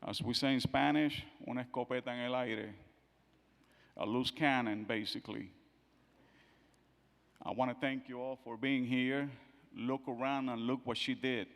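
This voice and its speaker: A middle-aged man giving a eulogy for his daughter, telling family stories and acting out the quotes, his voice swinging from soft to loud. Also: mid-range voice, fairly even intonation, measured pace. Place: church sanctuary. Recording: long church hall reverb.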